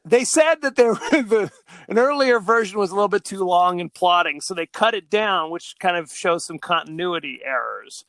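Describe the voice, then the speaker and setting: Male co-host, high and sharp voice, rambling casual movie chat, lots of ums, dry close sound. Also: expressive, normal speed, no room sound. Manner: rambling, laughing, many fillers. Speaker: podcast co-host.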